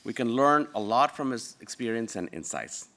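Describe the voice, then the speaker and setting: A man's voice: mid-range voice, lively intonation, moderate pace, sharp tone. A man acting as event host, formally introducing the keynote speaker. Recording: distant from the mic.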